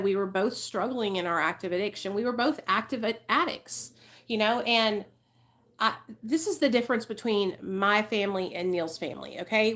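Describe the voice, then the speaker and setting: Woman, 30s, livestream host; bright, candid, casual storyteller who swears freely. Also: medium pitch. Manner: chatty, emotional, swears freely, addresses viewers as y'all.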